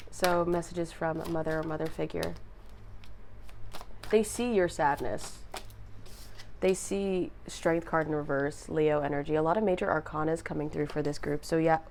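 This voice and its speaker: A young woman with a slightly low voice reads tarot cards for her viewers. She talks in a halting, heartfelt way, pausing and restarting as she goes. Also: a little mellow, slight background noise. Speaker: tarot reader. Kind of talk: intuitive tarot reading to viewers.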